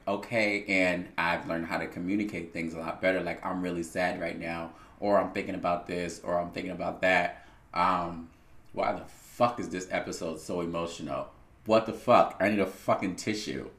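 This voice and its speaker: Low-voiced man, candid and profane. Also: fairly bright tone. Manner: candid and heavily profane, reflective. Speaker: podcast host. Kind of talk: casual solo podcast monologue. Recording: roomy echo.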